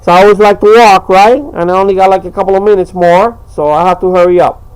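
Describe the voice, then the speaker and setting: A man's voice: sits high, fairly even intonation, quick pace, clean tone, low-quality recording. Rambling man chatting on a home vlog. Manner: rambling, hesitant with many fillers. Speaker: home video maker. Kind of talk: casual vlog chat.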